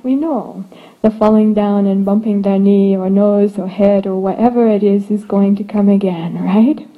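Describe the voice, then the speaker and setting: A woman giving a relaxed dharma talk as a meditation teacher, laughing often and slipping in playful asides. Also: on the high side, phone-quality sound.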